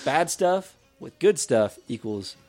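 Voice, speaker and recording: A young man co-hosting a podcast, riffing goofily in casual chat. His pitch swings widely as he jokes around. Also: sing-song, slow pace, darkish tone, faint music behind. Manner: goofy, riffing, slips into silly voices. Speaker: podcast co-host.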